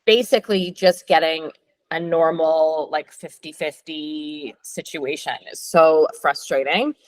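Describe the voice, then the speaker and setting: A woman hosting a casual conversation, talking in a chatty, animated way with lots of filler words. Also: deep voice, measured pace, dry recording. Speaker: host.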